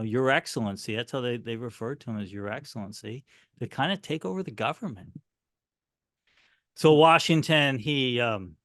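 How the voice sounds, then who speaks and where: A middle-aged man telling history as an interview guest, animated and earnest as he talks. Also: mid-range voice, dry recording, studio quality. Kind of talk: interview answer, storytelling.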